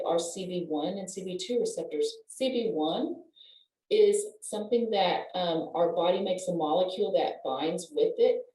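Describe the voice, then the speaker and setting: An older woman with a low, mellow voice talks animatedly about how the body works. She laughs as she explains. She sounds set back from the mic in a roomy space. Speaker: guest, wellness professional. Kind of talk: conversational explaining.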